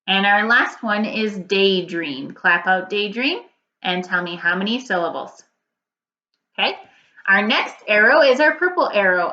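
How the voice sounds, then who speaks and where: Female teacher, bright voice, slow repeated prompts for first graders; lo-fi home video lesson. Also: medium pitch. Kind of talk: recorded reading lesson for children.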